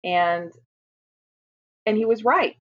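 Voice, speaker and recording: A woman's voice: medium pitch, slow. A woman in her fifties from Utah, earnestly telling her own story as an interview guest, emphatic and often restarting her sentences. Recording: muffled lo-fi audio.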